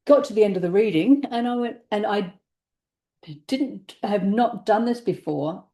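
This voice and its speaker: A woman co-hosting a tarot podcast, telling a story in a casual, animated way, laughing and acting out what people said. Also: mid-range voice, moderate pace. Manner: animated, laughing, acts out quoted speech. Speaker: tarot reader and podcast co-host.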